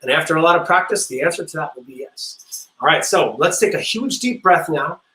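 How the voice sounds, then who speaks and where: A man teaching a music class, playful and encouraging, leading silly vocal warm-ups and singing notes to demonstrate. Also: a little high, animated, brisk, reverberant, rough recording. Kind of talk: online music class for kids.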